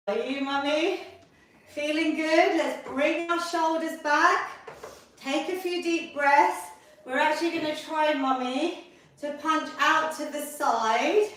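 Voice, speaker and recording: A high-voiced, middle-aged woman coaching a gentle workout class, cheerful and encouraging as she counts down each set. She talks at an unhurried pace. Her voice rings from across a very echoey room, well away from the mic. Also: distant mic, slight background noise. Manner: upbeat and encouraging, counting down reps. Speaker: fitness instructor. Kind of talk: leading a live online seniors' workout class.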